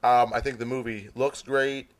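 A man's voice: mid-range voice, steady tone, normal speed. A man guesting on a podcast, joking around and giving strong opinions in casual chat. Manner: joking, opinionated, self-described big nerd.

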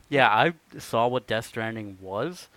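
A man's voice: medium pitch, animated, slow pace, a bit bright, no echo. A man in casual chat, dry and agreeable, laughing along.

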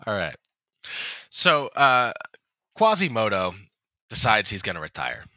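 A man's voice: lowish voice, big pitch swings, unhurried, sharp tone, dry recording. A man co-hosting a podcast, telling a long joke in a rambling, casual way with restarts and swearing. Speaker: podcast co-host.

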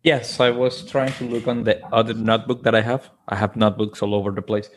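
A man co-hosting a podcast, asking questions in a friendly, slightly halting way. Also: fairly low pitch, level tone, slight background noise. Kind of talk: casual podcast chat.

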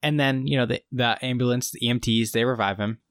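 A man's voice: mid-range voice, fairly even intonation, fast talker, a bit bright, no echo, studio quality. A man co-hosting a podcast, casually recapping a TV episode and quoting its lines with frequent laughs. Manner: retells scenes with quoted lines, laughs often. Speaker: podcast co-host.

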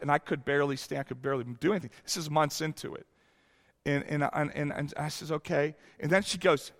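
Male pastor in his 50s, high voice, sermon with long hall reverb, candid storytelling. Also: fairly even intonation, fast talker, gravelly. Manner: candid storytelling, swings from hushed to exclaiming.

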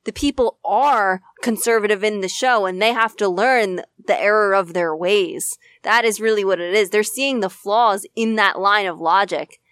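A woman's voice: mid-range voice, a bit bright, no room sound, clean studio sound. A woman co-hosting a podcast, talking earnestly in a casual chat and saying "like" often. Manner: earnest, quick to agree, says "like" often. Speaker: podcast co-host.

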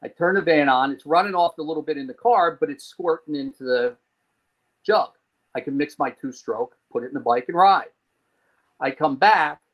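Through low-quality audio, a New Jersey man with a mid-range voice tells a long personal story as a podcast guest. He's an animated storyteller who plays out the people he quotes and swears casually.

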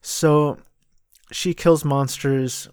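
A man's voice: on the high side, steady tone, very slow, a little mellow, smooth, no room sound, clean studio sound. A man casually reviewing movies and plays on his own show, blunt and exasperated, repeating himself for emphasis. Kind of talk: casual solo review talk.

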